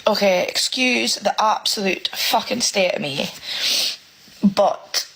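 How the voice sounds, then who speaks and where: A husky woman rants to camera as a working single parent, exasperated, swearing often and near tears. Her voice sits at an ordinary middle pitch. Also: slow, fairly bright tone, poor audio. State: close to tears. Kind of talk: emotional rant to camera.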